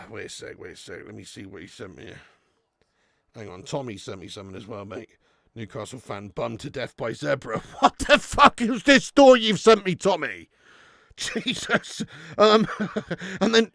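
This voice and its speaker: This man hosts a live football watch-along, swinging between shouting at the screen and reading out viewer messages. His voice sits very high and has a bright, cutting edge. It is recorded close and dry, with no room around it. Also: unhurried, dry recording. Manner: excitable, sweary, shouts at the screen; reads out and answers viewer chat. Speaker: watch-along streamer host.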